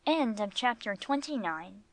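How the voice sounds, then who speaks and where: A woman reading an audiobook in an even, measured narration. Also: medium pitch, poor audio.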